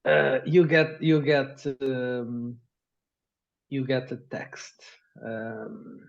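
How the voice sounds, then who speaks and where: Guy gm narrating slow and halting over a dull lo-fi call. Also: medium pitch, gravelly. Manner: halting, many restarts and fillers. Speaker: game master.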